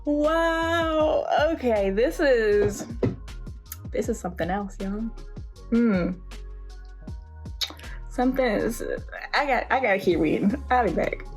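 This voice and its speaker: Young woman book vlogger, high-ish voice, dramatic reactions, faint music behind. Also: lively intonation, slow pace, pauses often. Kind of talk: casual chat.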